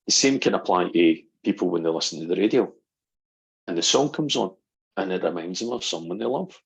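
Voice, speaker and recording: Gravelly man telling stories. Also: low-pitched, fairly quick, poor audio. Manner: animated storyteller, acts out quotes. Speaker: guest, NLP practitioner. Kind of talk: casual podcast chat.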